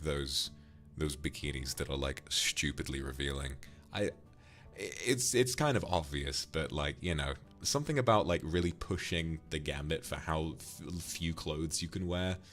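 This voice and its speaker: Very deep-voiced British man chatting. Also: normal speed, fairly bright tone, faint music behind. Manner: rambling, candid, thanks viewers by name. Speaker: streamer. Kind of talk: casual livestream chat.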